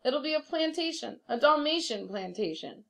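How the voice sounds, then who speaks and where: A cheerful young husband from a storybook, eager and upbeat, as a woman reads him aloud. The voice sits a little high and stays close to her own. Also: lively intonation, moderate pace, creaky. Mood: pleased. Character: cheerful young husband, delighted dog owner.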